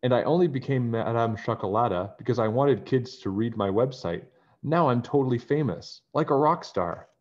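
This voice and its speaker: Show-off kid fortune teller, excitable and bragging, high storybook voice from a male reader, dull lo-fi audio. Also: normal speed, close to an everyday voice.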